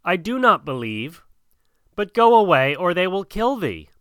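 A man's voice: sits high, big pitch swings, measured pace, a bit bright, clean tone, no room sound, studio quality, pitched above the performer's own voice, exaggerated voice. A man voicing an anxious, pleading mother. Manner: urgent, pleading. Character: anxious loving village mother.

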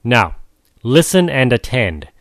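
A man reading a storybook aloud in a measured, tender way, speaking directly to the listener. His voice sits at an ordinary middle pitch. The recording is dry and close, with no room sound. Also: big pitch swings, a bit bright, dry recording. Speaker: narrator.

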